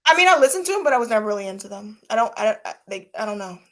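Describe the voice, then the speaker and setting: A woman's voice: medium pitch, sing-song, racing, a bit bright. A young woman co-hosting a podcast, chatting casually and animatedly, often laughing and mocking people in her impressions. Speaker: podcast co-host. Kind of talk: casual gossip chat.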